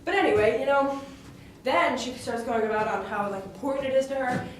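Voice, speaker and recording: Woman telling a story in character, super chatty, lots of likes and you knows, higher voice, far from the mic. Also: brisk, background noise. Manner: chatty, full of fillers like "like" and "you know". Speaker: student retelling a play in character. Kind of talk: casual in-character retelling. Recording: echoey room, voice far from mic, music behind.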